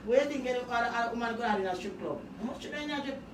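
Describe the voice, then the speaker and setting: A woman rambling casually to camera, joking loudly, swearing and trailing off into mutters. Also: fairly high pitch, lively intonation, fast talker. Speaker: vlogger. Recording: echoey room, noisy background.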